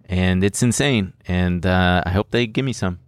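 A man's voice: sits low, normal speed, smooth, no room sound. A young man hosting a casual podcast, joking around and rambling as he explains his trades. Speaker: podcast host. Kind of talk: casual crypto chat. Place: studio.

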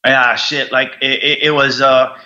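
In a candid storytelling interview, a U.S. combat veteran on a podcast shares his story rawly and with a lot of swearing, fillers and restarts. His medium-pitched voice is level and pushed bright, his pace measured, and the recording sounds dull.

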